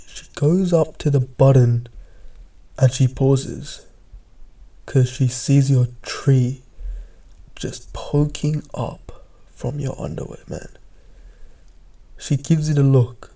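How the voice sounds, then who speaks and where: Dark-voiced man telling a storytime. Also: mid-range voice. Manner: drops into hushed, half-whispered asides. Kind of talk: casual second-person storytime.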